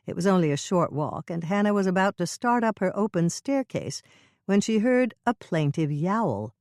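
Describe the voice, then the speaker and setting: A woman narrating a mystery audiobook with expressive storytelling. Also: lowish voice, normal speed, dry recording, clean studio sound. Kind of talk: scripted narration.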